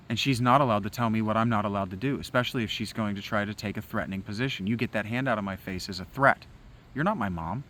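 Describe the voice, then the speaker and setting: A man's voice: lowish voice, a bit bright, a little hiss or hum, rough recording. Agitated, profane man talking outdoors. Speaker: vlogger. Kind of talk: rambling spoken meditation. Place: outdoors in woods.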